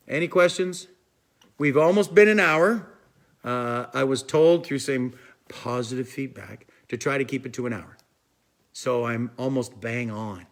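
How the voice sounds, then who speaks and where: Man, fishing stream host; chatty, rambling, a touch high-pitched. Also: fairly bright tone. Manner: rambling, chatty, repeats "I'm telling you". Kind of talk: casual live stream chat, answering viewers.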